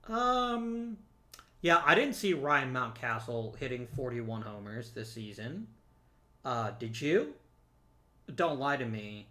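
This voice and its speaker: A man records casual let's play commentary in a bright, forceful voice. He jokes as he goes and talks straight to the viewers and the players in the game. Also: mid-range voice, big pitch swings, slow pace. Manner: chatty and joking, talks to the viewers and to the players on screen.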